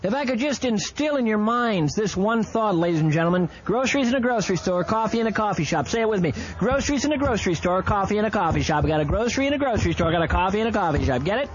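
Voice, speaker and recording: Male talk radio host, high voice, riffs a comic ad with loud bursts; dull broadcast tone. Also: racing, few pauses. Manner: rambling, mock-ranting, bursts of loud excitement. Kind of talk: improvised comic live-read radio ad. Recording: slightly dull AM radio broadcast with faint hiss.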